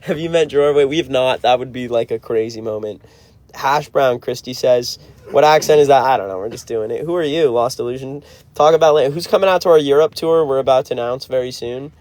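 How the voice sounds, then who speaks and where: A man's voice: mid-range voice, brisk, darkish tone, no room sound. A man in his twenties in a car, chatting casually on a livestream and answering viewer comments. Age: 20s. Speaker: band member hosting a livestream.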